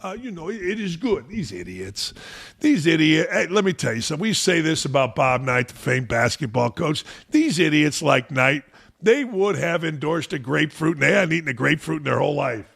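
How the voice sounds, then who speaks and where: A sports talk host on a sarcastic rant, mocking as he goes. His voice sits a little high for a man and has a gravelly, creaky texture. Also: animated, brisk, fairly bright tone.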